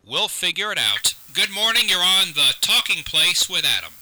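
Radio host guy, very bright sharp voice, earnest, keeps restarting, close mic. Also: sits high, sing-song, normal speed, poor audio. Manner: earnest, repeats himself, lots of restarts. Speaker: radio call-in show host. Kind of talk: live call-in radio chat. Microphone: close studio microphone.

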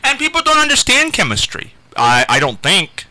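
A man's voice: moderate pace, poor audio. A man hosting a radio talk show, telling a story in casual chat and jumping his voice up when quoting people. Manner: animated storyteller, jumps pitch for quotes. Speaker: radio host.

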